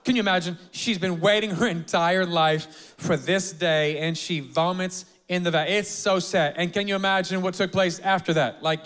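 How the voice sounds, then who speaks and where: A male pastor with a high voice preaches an energetic, joking sermon in a church auditorium. He calls out to the congregation and gets them to clap and repeat after him. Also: moderate pace. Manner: energetic, humorous, rallies the congregation.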